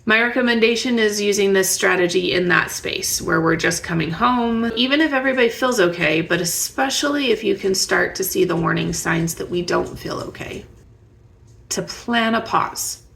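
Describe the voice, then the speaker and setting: With a medium-pitched voice that's markedly gravelly and creaky, a woman shares parenting advice directly to camera at normal speed. Her tone is warm and chatty, and she often stops to ask listeners to reflect.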